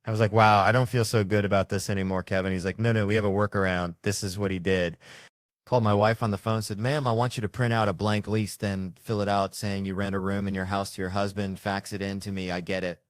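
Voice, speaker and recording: A man's voice: fairly low pitch, level tone, quick pace, no room sound. A man telling a stand-up story in a rowdy, profane manner, imitating the people in it. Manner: rowdy, profane anecdotes with mimicked voices. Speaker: stand-up comedian.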